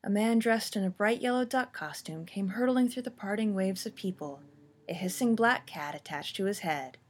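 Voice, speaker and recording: A woman narrating a story with a steady, expressive reading. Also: medium pitch, normal speed, slightly rough.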